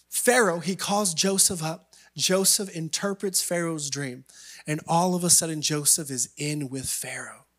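A man preaching a sermon, telling a story in an animated way with playful asides to the congregation. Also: fairly high pitch. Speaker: pastor.

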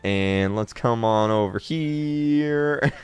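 A livestreamer with a clean, somewhat high voice reads his chat aloud and comments on it. Exasperated, he repeats himself, stammers, and bursts into laughter.

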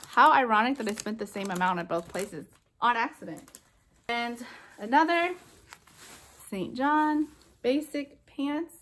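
Excitable woman gushing over thrift finds. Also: on the high side. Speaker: reseller vlogger. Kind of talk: casual haul vlog.

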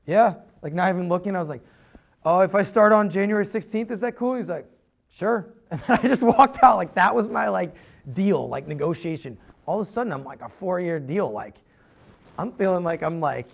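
A man in his thirties telling a rambling, animated story on a podcast, full of "like" and asides. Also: fairly high pitch, gravelly, lo-fi sound. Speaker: podcast host. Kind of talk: casual storytelling.

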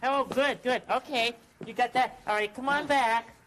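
A big, gentle male bird with a high, sunny voice, patiently coaching kids through a pretend game on a children's puppet show. A faint hiss sits under the recording. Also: moderate pace. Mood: friendly. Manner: friendly, patient teacher voice. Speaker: leader of a kids' club.

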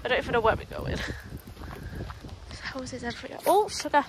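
High-voiced young woman vlogging outdoors. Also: expressive, fairly quick, noisy background. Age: 20s. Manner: chatty, breaks off to call her dog. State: out of breath from walking. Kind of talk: casual vlog chat. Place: outdoors on a countryside walk.

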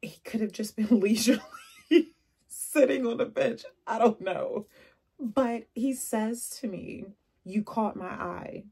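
A young adult woman vlogging casually, telling animated stories with laughs and asides. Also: on the high side, unhurried, gravelly, slightly rough. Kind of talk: casual chatty vlog.

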